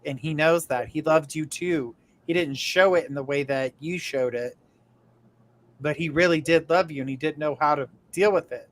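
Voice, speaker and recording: A man's voice: a little high, normal speed, slight background noise. A man hosting a live psychic show, relaying messages from spirits in an earnest, reassuring way. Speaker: psychic medium host.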